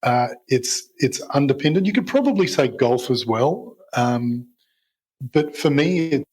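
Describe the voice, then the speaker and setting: A middle-aged man with a husky, slightly rough voice talks casually as a guest on a business podcast. He hesitates, restarts his sentences and pokes fun at himself. His pitch sits in an ordinary middle range. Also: poor audio. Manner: hesitant, many fillers and restarts, self-deprecating. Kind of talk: casual interview chat.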